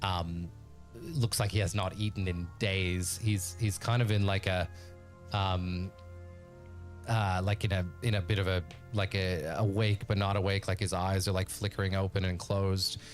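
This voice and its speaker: A man's voice: low-pitched, little pitch movement, normal speed, faint music behind. A man narrating a tabletop game as game master, rambling and full of fillers.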